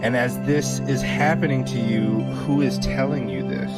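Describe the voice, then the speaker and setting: A man reading the part of a woman hypnotist who calmly asks questions during a regression session. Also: mid-range voice, normal speed, voice pushed up, close to an everyday voice. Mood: questioning. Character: calm woman hypnotist asking gentle questions. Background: loud guitar music.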